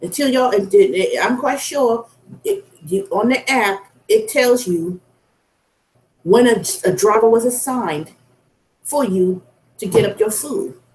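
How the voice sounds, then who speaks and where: A woman's voice: on the high side, lively intonation, measured pace, a little mellow. Blunt ranting woman, roomy echo. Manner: blunt, profane, venting. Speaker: food delivery driver. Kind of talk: casual vlog rant.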